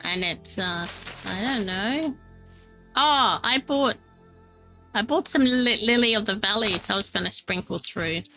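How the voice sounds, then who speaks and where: A woman's voice: mid-range voice, measured pace, bright, forceful tone, faint music behind, rough recording. A woman chatting casually while she plays and builds in a game, self-deprecating and laughing often. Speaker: Minecraft streamer. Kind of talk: casual gameplay chat.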